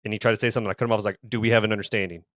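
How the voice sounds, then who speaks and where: A man's voice: on the low side, steady tone, racing, fairly bright tone, no room sound, studio quality. Heated, profane man telling a story. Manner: profane, heated, repeats words and restarts. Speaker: podcast co-host. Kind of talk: casual storytelling.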